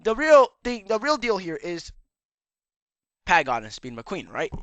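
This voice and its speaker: Man, lecturing casual commentary, rambling, slightly worn cracking voice, very animated pitch. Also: a little slow, no echo, highs cut off. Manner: rambling and lecturing, keeps tagging "all right?". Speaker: YouTube commentator.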